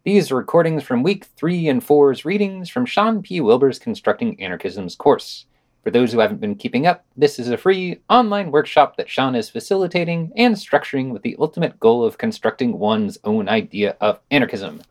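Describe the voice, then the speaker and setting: A man co-hosting a podcast, reading short reviews and asking questions in a measured, plain way. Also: mid-range voice, lively intonation. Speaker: podcast co-host. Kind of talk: podcast reviews and casual discussion.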